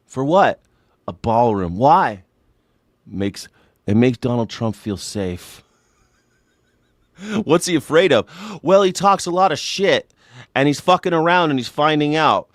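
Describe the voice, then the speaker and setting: A man's voice: mid-range voice, animated, unhurried, pauses often, dry recording, clean studio sound. A man hosting a live political call-in show, ranting sarcastically with profanity and mocking voices while reacting to chat. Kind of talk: comedic political rant with chat callouts.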